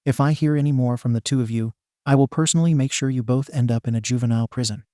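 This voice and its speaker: Figure: weary stern male detective, voiced by a man. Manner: exasperated. Tone: dark, mellow. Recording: dry. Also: mid-range voice, fairly even intonation, fast, no echo, lightly acted.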